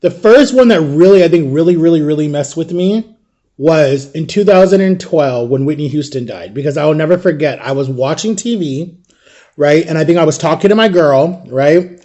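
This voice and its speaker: A man's voice: a little high, expressive, moderate pace, warm tone, dull audio. A man telling personal memories in a casual, chatty monologue, often adding "like" and "right?". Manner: chatty, peppers talk with "like" and "right?"; emotional, vivid retelling of memories. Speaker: vlogger.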